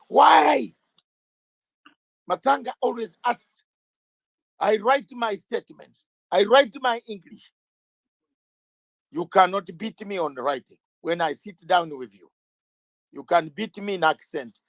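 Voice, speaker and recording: High-pitched man firing rhetorical questions. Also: measured pace, long pauses, no echo, rough recording. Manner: emphatic, hammering rhetorical questions, sometimes shouting; repeats words when starting out. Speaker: interview guest, lawyer. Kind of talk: impassioned political talk.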